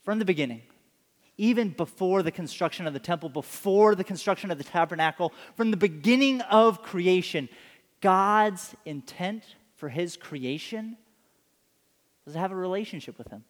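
A man preaching a sermon, telling stories in an animated way and acting out the scenes. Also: high-pitched, normal speed, long reverb tail. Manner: animated storytelling, acts out scenes. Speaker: pastor.

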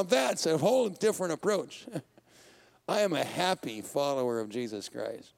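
High-voiced, gravelly pastor preaching. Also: male voice. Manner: conversational preaching, asks the congregation questions, laughs often. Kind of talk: sermon.

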